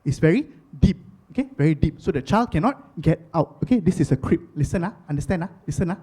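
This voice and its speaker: A woman's voice: on the low side, lively intonation, quick pace, mellow, breathy edge. A man voicing an exasperated young wife who scolds and lectures with a Singaporean accent, repeating herself. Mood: lecturing. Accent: Singaporean English.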